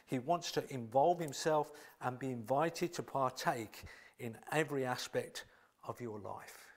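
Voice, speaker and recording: A man preaching a sermon in a church, dropping to hushed near-whispers, then building to loud, excited exclamations. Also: mid-range voice, unhurried.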